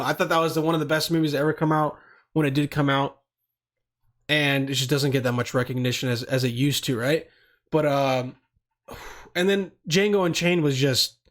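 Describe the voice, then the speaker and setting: A young man hosting a podcast on his own, rambling in loose, profane casual talk full of slang. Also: a little high. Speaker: podcast host.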